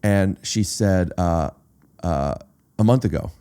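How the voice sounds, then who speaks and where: A man's voice: low-pitched, slow pace, warm tone, clear, resonant tone. A man hosting a podcast, telling a personal story in casual chat, often stopping to repeat words and say uh. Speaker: podcast host.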